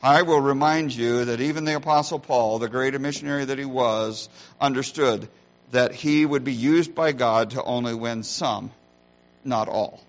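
Heard through lo-fi sound, a male pastor of medium pitch and moderate pace gives an earnest sermon. Each point lands with weight as his emphasis varies and he puts rhetorical questions to those listening.

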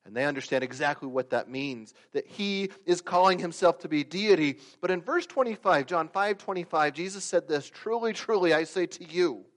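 A man preaching a sermon, swinging from loud emphatic peaks to quiet asides and acting out the stories he tells. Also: a little high, animated, normal speed, few pauses. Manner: acts out quoted voices and stories. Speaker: pastor.

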